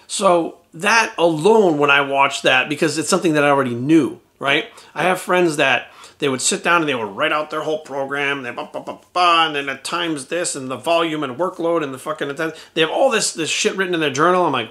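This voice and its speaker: A man's voice: fairly high pitch, brisk. Blunt, profane man telling a story. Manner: animated when quoting others. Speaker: fitness coach. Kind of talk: casual monologue.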